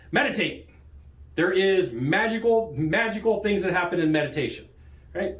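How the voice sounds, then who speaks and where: A man hosting a sales training show, coaching in an energetic, joking way and laughing often. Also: measured pace. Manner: lively, jokey, laughs often, big pitch jumps. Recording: roomy echo.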